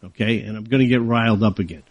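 A man's voice: on the low side, fast, no echo, lo-fi sound. A man hosting a talk radio show, delivering an indignant, heated monologue that keeps rising into outbursts.

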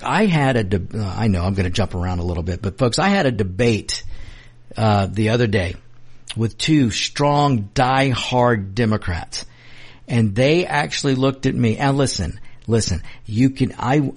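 A man's voice: lowish voice, darkish tone, slightly rough. A man hosting a political talk show, delivering an emphatic, repetitive commentary monologue and addressing his listeners as folks.

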